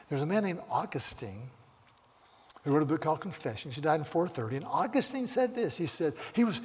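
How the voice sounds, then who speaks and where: An older pastor preaching with a fairly high voice. He tells stories in hushed asides, then rises into loud, emphatic scripture reading. A long church-hall reverb trails every phrase. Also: expressive, quick pace. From Southern United States. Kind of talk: sermon.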